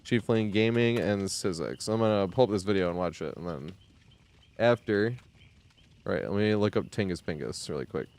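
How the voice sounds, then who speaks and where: A man's voice: lowish voice, normal speed, darkish tone. A man in his thirties, originally from the New York area, chatting casually on a live stream, rambling, laughing often and swearing freely. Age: 30s.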